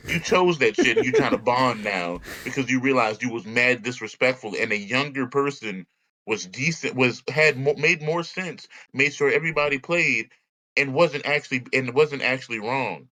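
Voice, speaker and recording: A man's voice: medium pitch, expressive, brisk, bright, forceful tone, poor audio. A man co-hosting a podcast, telling a story in casual chat, acting out other people's lines and laughing often. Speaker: podcast co-host.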